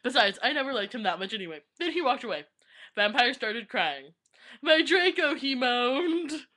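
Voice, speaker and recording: A woman's voice: on the high side, big pitch swings, moderate pace, pushed and bright. A young woman vlogging at her webcam, reading aloud and often breaking into giggles. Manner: giggly, keeps breaking into laughter while reading. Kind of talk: casual vlog, reading aloud.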